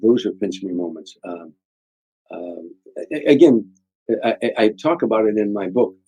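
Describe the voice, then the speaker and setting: A man's voice: on the low side, animated, moderate pace, warm tone, breathy edge, no echo, dull audio. An older man, a comedian telling rambling, heartfelt stories in an interview, often repeating words. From Chicago area, USA. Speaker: guest comedian. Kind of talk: storytelling interview.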